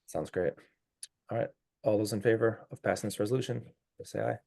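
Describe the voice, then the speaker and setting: A man's voice: fairly low pitch, fairly even intonation, brisk, creaky, warm tone. A man chairing a public neighborhood commission meeting in a casual, clarifying way while losing his voice.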